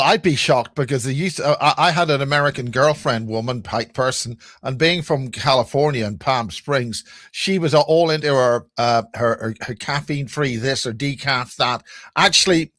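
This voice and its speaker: A man's voice: medium pitch, moderate pace, fairly bright tone, no echo, clean studio sound. A man with a Northern Irish accent, rambling and joking through stories as a guest on a video-call chat show. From Northern Ireland. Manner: rambling, joking storyteller with many restarts. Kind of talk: casual chat.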